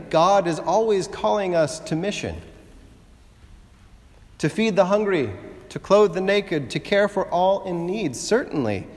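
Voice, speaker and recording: Male preacher in an echoing church. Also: a little high. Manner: conversational, gently humorous, rhetorical questions. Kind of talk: sermon.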